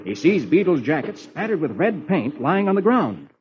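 A man hosting a vintage children's radio show, reading the funny papers aloud with a playful, sing-song lilt. His voice sits a little high and swings up and down with lively energy. The broadcast sounds muffled, with faint music underneath. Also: normal speed. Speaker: radio host reading the comics.

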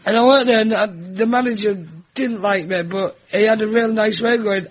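A man's voice: high voice, lively intonation, slow pace, pauses often, a crowd in the background. A young man telling comic family stories as a talk-show guest, acting out voices. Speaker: comedian guest. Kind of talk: anecdotal chat show banter. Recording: dull lo-fi broadcast with audience.

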